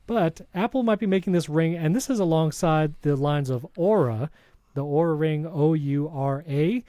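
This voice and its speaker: A man's voice: fairly high pitch, warm tone, no room sound. A man co-hosting a tech podcast, chatting casually and reading a sponsor spot with enthusiasm. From Hispanic background. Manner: enthusiastic, reads sponsor spots with quick asides. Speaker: podcast co-host.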